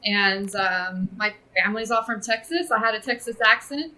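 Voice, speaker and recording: An upbeat woman from California, a guest on a podcast. Her voice has a bright, crisp edge. She explains things fluently, with only a few ums along the way. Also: medium pitch, normal speed, poor audio. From California, USA. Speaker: podcast guest, software company representative. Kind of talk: casual interview chat.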